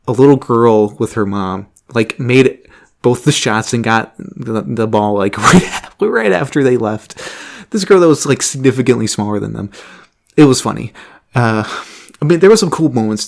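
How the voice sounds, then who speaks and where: A man's voice: medium pitch, creaky. A young man telling a rambling, casual story, laughing often and swearing freely. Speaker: vlogger.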